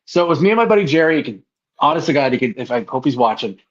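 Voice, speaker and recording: A man's voice: mid-range voice, racing, highs cut off. A man co-hosting a podcast, telling stories in casual chat with plenty of swearing. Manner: animated, profane storytelling with loud acted quotes. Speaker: podcast co-host.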